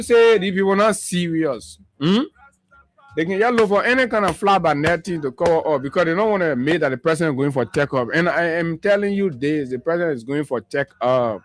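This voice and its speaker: Picture a man behind the mic of a call-in morning show, pushing his political commentary hard with repeated phrases and rhetorical questions. His voice sits fairly high for a man. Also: no room sound.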